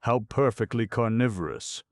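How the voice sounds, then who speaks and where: Brief: cheerful, flattering male peddler with a low, gravelly voice, read by a male narrator. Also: moderate pace, no room sound, clean studio sound, exaggerated voice. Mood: coaxing. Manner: flattering, coaxing. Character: cheerful smooth-talking male vegetable peddler.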